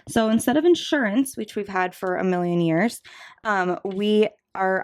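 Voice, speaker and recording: A woman in her twenties talks casually to her viewers as a budgeting vlogger. She is bubbly and chatty, with plenty of "um" and "like" and quick asides, at a voice of middling pitch. She sounds a little out of breath. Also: a little mellow. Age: 20s. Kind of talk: casual chat to camera.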